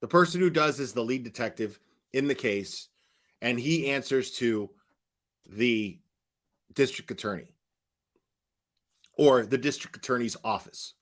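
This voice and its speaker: A man's voice: medium pitch, measured pace, pauses often. A man hosting a casual reaction commentary, explaining points in a matter-of-fact, lecturing way. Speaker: commentary host.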